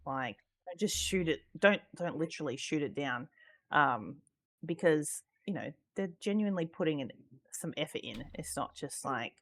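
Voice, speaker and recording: A woman's voice: low-pitched, animated, moderate pace. A woman chatting casually about roleplay gaming, swearing freely and leaning on fillers like "like". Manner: swearing, filler-heavy, laughs often.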